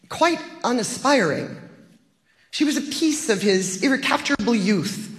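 An audiobook narrator reading a literary story in a measured, wry manner, recorded with a long echo. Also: mid-range voice, a bit bright. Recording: long echoing reverb.

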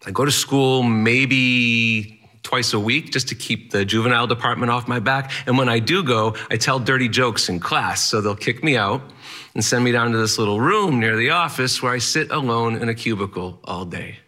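A man's voice: mid-range voice, moderate pace, sharp tone. A man telling a personal story in the first person, candid, plainspoken and wry.

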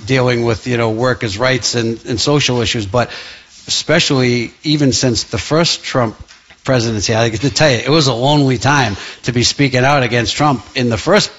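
A man's voice: mid-range voice, normal speed, fairly bright tone, dull audio. A man, a musician guest on a radio show, talking passionately with many restarts and fillers. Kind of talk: radio interview.

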